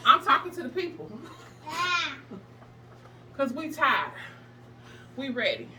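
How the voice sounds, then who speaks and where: Sassy high-voiced woman preaching self-love. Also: big pitch swings, normal speed, sharp tone, slight background noise. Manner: sassy, preachy, emphatic, laughs often. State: out of breath. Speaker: plus-size fitness vlogger. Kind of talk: motivational workout vlog. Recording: distant mic with music behind.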